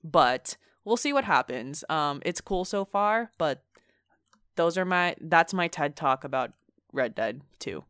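A woman co-hosting a casual video game chat, talking quickly with lots of fillers and dry sarcasm. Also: low voice, expressive, fairly bright tone, clean tone, no echo. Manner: chatty, filler-heavy, sarcastic. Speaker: video game podcast co-host.

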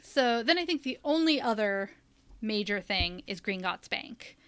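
A woman's voice: mid-range voice, animated, measured pace, a bit bright, clear, resonant tone, no echo. Chatty woman, dry close sound. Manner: rambling, many fillers. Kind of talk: casual chat.

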